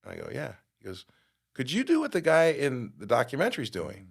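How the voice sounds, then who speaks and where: A middle-aged man telling a personal story in a podcast interview, acting out quotes and getting loud at the big moments. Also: medium pitch, brisk, creaky, slightly rough. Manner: animated storyteller, acts out quotes with big jumps in loudness. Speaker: guest.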